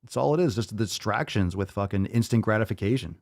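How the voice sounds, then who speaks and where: A man's voice: fairly low pitch, animated, fast talker, gravelly, darkish tone. A man hosting a podcast, ranting with blunt, profane, sarcastic commentary and mocking asides. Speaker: podcast host.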